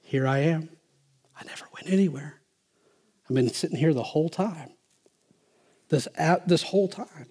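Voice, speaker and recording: A man voicing God as a calm, patient father figure, speaking gently and close to a whisper. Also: medium pitch, moderate pace, husky, close to an everyday voice.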